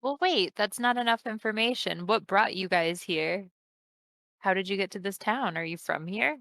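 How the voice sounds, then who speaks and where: A woman's voice: mid-range voice, moderate pace, fairly bright tone, dry recording. A woman playing a tabletop game with friends, pressing others with questions. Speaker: player. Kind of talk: casual tabletop role-play.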